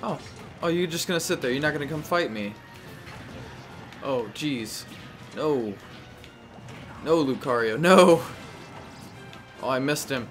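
A young man giving casual, animated commentary while playing a video game, talking to the characters on screen and often exclaiming. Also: on the high side, normal speed, long pauses, over music. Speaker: gameplay commentator. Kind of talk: casual live gameplay commentary.

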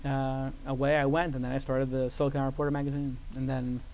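A man's voice: medium pitch, quick pace. A man telling a long anecdote in an interview, acting out the voices of the people in it and using a lot of "like" as filler. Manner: animated storyteller who acts out quoted voices, many "like" fillers. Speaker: guest. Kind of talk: storytelling interview. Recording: live event with audience.

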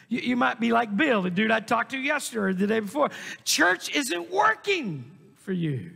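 A male pastor preaching a sermon in a church, emphatic and rising to shouts on key points. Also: high voice, animated, moderate pace, creaky, husky. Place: church sanctuary. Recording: long hall reverb.

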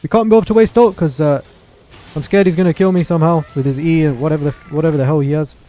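A man's voice: a little high, rapid-fire. Chatty young man streaming gameplay. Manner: excitable, chatty, apologetic asides to chat. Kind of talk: live gameplay commentary.

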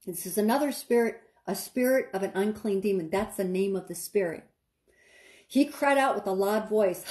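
An online preacher, a woman with a mellow, mid-range voice and a moderate pace, delivers an impassioned sermon. She's dramatic and urgent, repeating phrases and speaking to her listeners directly and casually.

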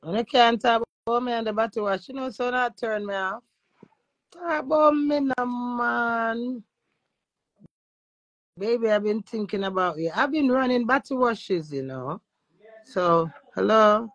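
A woman's voice: on the high side, expressive, measured pace, dry recording, low-quality recording. A Jamaican woman who is a social media influencer, chatting brashly and profanely in patois with her live-stream viewers. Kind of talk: casual live-stream chat.

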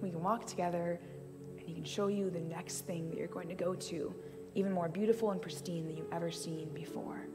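A woman's voice: lowish voice, steady tone, fairly quick, big-room sound, over music. A woman giving a sermon, telling a personal story with playful asides. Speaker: church speaker. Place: church hall.

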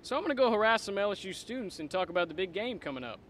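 A young man reporting outdoors by a stadium, teasing students with quick questions. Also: sits high, lively intonation, fairly bright tone. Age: young adult. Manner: upbeat, teasing. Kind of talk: street interviews. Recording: light outdoor noise.

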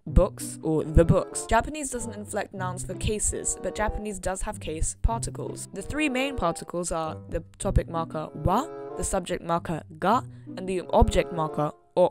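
A woman reading a scripted language lesson as a voice-over, explaining points clearly and steadily. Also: on the low side. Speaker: language educator. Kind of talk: scripted educational narration. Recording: clear music playing behind the voice. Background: background music.

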